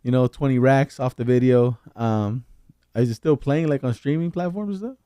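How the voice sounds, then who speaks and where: Slangy comedian, dry close mic. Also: male voice, medium pitch, normal speed, clear, resonant tone, dry recording. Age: adult with kids. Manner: slangy and animated, calls people fool and dog. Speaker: comedian guest. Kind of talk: casual podcast chat.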